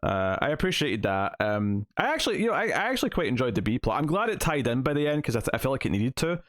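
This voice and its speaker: A man's voice: medium pitch, very animated, fast talker, fairly bright tone, no room sound, clean studio sound. A man co-hosting a podcast, reviewing a TV episode in a casual, chatty way, retelling scenes as he goes. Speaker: podcast co-host.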